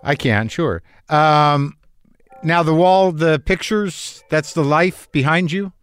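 A man's voice: a little high, takes it slowly, a bit bright, smooth, soft background music. A middle-aged man hosting a show, talking in a rambling comic monologue that is profane, wry and darkly joking. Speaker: podcast host.

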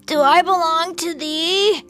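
A woman voicing a brand new young male turtle who asks earnest, wondering questions in a high, slow voice. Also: fairly even intonation, a bit bright, faint music behind, full character voice.

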